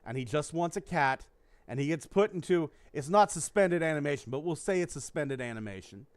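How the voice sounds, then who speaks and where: This podcast host's voice sits on the high side, clear and resonant, captured dry. Animated and fairly quick, he rambles through a story in casual chat, full of swearing and acted-out quotes.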